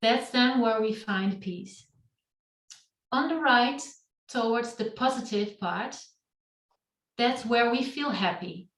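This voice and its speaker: A woman's voice: on the high side, fairly bright tone. A middle-aged woman, speaking on a video call, giving a reflective talk about her own life to a meetup. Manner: slow, reflective storytelling. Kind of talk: personal storytelling talk. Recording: roomy and distant from the mic.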